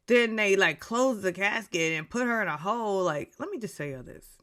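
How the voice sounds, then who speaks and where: A woman's voice: mid-range voice, expressive, normal speed, a bit bright. A woman giving a casual, gossipy recap rant about a reality show, full of blunt opinions. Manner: opinionated and gossipy, slips into voices for the people she talks about.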